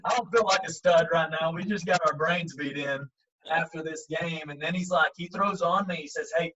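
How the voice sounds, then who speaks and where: A man, a baseball coach, telling a lively story in an interview. He talks casually, acts out the quotes and uses many fillers. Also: fairly high pitch, moderate pace, far from the mic. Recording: muffled audio, speaker set back from the mic.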